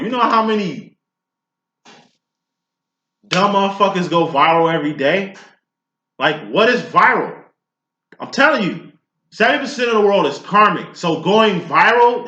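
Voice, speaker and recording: A man's voice: on the high side, very animated, moderate pace, long pauses, sharp tone. A man giving a casual tarot reading, talking in a blunt, profane, preachy way. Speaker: tarot reader. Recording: echoey room, dull lo-fi sound.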